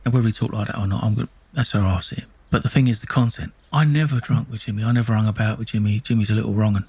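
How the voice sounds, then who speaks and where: Middle-aged Essex man, low husky voice, blunt sweary storyteller. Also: steady tone, rapid-fire, hardly any pauses, a little mellow, no room sound. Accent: Essex English. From England. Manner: blunt, sweary, with many restarts and "you know what I mean". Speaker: storyteller recounting his life. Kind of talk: casual spoken storytelling.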